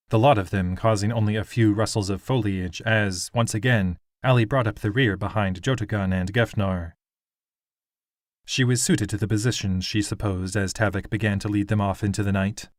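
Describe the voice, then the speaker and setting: A man narrating a fantasy audiobook in a steady, even storytelling manner. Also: fairly low pitch, no echo, clean studio sound.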